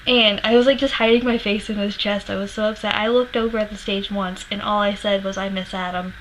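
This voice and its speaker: A woman's voice: mid-range voice, steady tone, brisk, slight background noise, rough recording. A woman vlogger animatedly retelling a personal story to camera, swearing freely and laughing as she goes, emotional while she remembers it.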